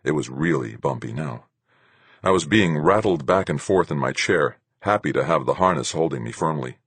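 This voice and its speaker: A man with an extremely deep voice narrates a novel in a steady, measured way. His tone has a husky, grainy edge. The recording is close and completely dry, with no room echo. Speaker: audiobook narrator. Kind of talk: first-person novel narration.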